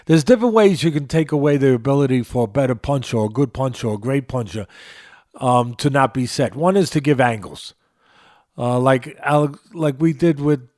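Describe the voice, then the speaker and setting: A man's voice: medium pitch, a little mellow, no echo, studio quality. A man in his sixties with a New York accent, breaking down a boxing match as a podcast host, emphatic and repeating phrases for emphasis. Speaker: boxing trainer and show host. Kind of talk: boxing analysis podcast talk.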